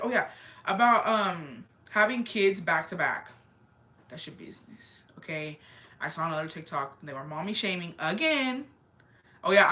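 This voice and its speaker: A young woman with a fairly low, bright and forceful voice hosts a casual chat answering viewer comments. She speaks candidly and emphatically, swearing freely and dropping Spanish phrases into her talk. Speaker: livestream host.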